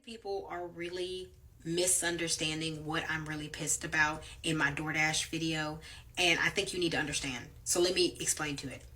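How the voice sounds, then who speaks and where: A woman delivery driver talks straight to camera in an angry, blunt rant, swearing freely. Her voice sits fairly low but sounds bright and sharp. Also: steady tone, moderate pace. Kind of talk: ranting to camera.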